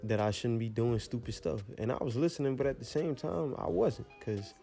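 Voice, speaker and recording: A teenage young man casually telling a rambling storytime, full of slang and animated asides. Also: mid-range voice, fairly quick, vocal fry, faint music behind. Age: teens.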